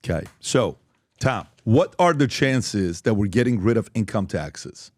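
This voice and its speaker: A man hosting a podcast panel, telling jokes with animated delivery. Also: lowish voice, a little slow, dry recording. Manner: joking, animated storytelling. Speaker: podcast host. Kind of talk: casual panel discussion.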